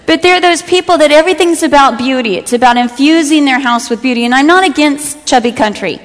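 A middle-aged woman with a high voice talks fast as she delivers a sermon to women, telling personal stories and humorously acting out what her friends said. The recording carries a long hall reverb.

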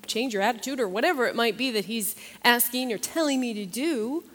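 A woman's voice: on the high side, fairly quick, fairly bright tone, big-room sound. A woman teaching a Bible study in a chatty, earnest way, repeating phrases for emphasis. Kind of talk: conversational sermon.

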